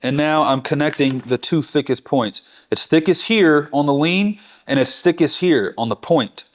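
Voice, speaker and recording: Upbeat man demonstrating brisket trimming. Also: on the high side. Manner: enthusiastic, chatty, self-correcting. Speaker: barbecue channel host. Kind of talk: hands-on cooking demonstration.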